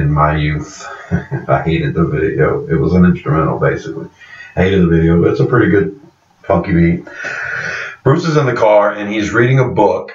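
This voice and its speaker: A man reviewing a TV series in a casual, rambling recap, stopping now and then to correct himself on character names. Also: deep voice. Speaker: show reviewer. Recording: echoey, dull-sounding room from a distance.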